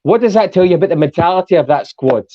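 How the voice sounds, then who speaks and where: A man's voice: high voice, expressive, fast talker. Sweary Scottish man ranting, lo-fi. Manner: sweary, rambling rants. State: drinking. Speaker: football podcast co-host. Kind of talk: casual post-match chat.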